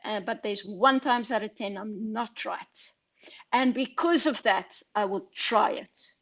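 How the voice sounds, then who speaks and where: A woman's voice: mid-range voice, unhurried, a bit bright. A woman film editor, speaking candidly over a video call in an online Q&A, chatty and full of fillers and asides. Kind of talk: online Q&A talk.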